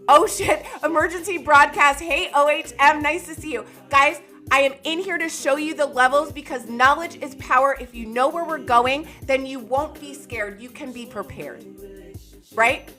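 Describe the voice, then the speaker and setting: An excitable, loud woman, hosting a live chart analysis stream and talking to viewers by name. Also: sits high, moderate pace, faint music behind. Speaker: crypto market streamer.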